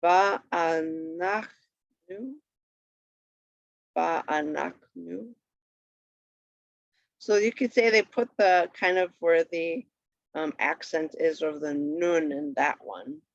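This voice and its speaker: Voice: mid-range voice, measured pace, no room sound. A patient teacher walking through a Hebrew primer on a shared screen, repeating each word twice for the learner. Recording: dull lo-fi recording.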